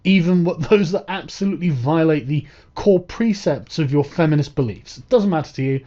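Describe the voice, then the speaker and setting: A sarcastic man talks over a clip, mocking and swearing as he picks it apart. His voice is slightly high and dark in tone. The audio is dull and lo-fi. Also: lively intonation, a little fast. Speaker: commentator. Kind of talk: reaction commentary.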